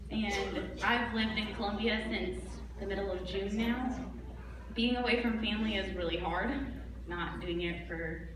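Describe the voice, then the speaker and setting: A woman's voice: mid-range voice, fairly even intonation, a little slow. A young woman from Canada, giving a chatty, laughing tribute speech at an open mic. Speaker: family member giving a tribute. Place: large church hall, live event. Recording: echoey hall, distant mic, crowd noise. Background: audience murmur.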